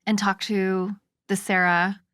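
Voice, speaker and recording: A woman hosting a podcast, asking gentle questions and reacting to her guest with feeling. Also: medium pitch, little pitch movement, slow, clear, resonant tone, no echo. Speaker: podcast host. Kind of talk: interview questions.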